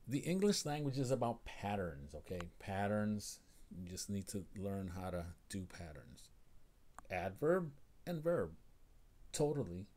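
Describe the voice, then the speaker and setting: An American man teaching English on a live stream, greeting viewers and repeating phrases slowly and with emphasis. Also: fairly low pitch, warm tone. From United States.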